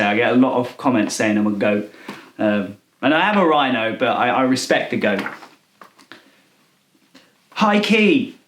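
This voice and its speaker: A man's voice: medium pitch, natural voice. A man playing a clueless slang-mangling millennial, roomy echo. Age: 20s. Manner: rambling, hesitant, misusing slang. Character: clueless self-styled cool male millennial partygoer. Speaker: comedy character. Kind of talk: deadpan character monologue.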